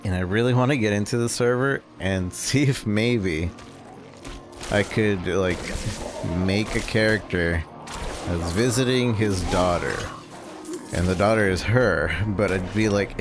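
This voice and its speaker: Low-voiced male streamer chatting. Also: unhurried. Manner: rambling, chuckling asides. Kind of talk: casual gameplay chat. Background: game music.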